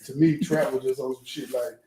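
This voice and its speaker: A man's voice: medium pitch, fairly quick, slight background noise. A man hosting a casual street talk, telling stories with lots of cursing and repeated words. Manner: animated storytelling, repeats words, heavy cursing. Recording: echoey room.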